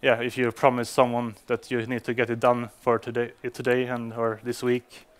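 A man with Swedish as his native language gives an English talk to developers at a conference, often hesitating, filling pauses and restarting sentences. His mid-range voice is monotone and clean in tone, at a moderate pace.

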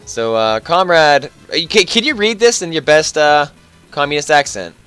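A man's voice: a little high, lively intonation, normal speed, pushed and bright, clear, resonant tone, soft background music. A man hosting a casual let's-play, joking and thinking aloud as he plays. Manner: playful, joking, thinking aloud while playing. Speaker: gaming channel host.

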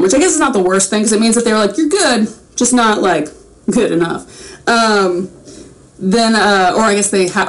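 Mujer parlanchina que divaga sin parar. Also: female voice, medium pitch, low-quality recording. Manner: chatty, rambling, self-aware. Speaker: voice actress signing autographs on a livestream. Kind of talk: casual livestream chat.

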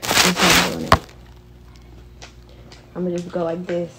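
A woman's voice: on the low side, big pitch swings, normal speed, sharp tone. A young woman talking frustrated to her viewers in a casual vlog. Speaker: vlogger.

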